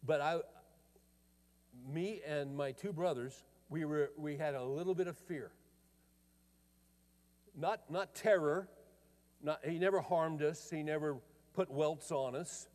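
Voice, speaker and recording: Older man, pastor, folksy storytelling sermon, slightly high warm voice, long hall reverb. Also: takes it slowly, long pauses. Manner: folksy, conversational, often restarts phrases.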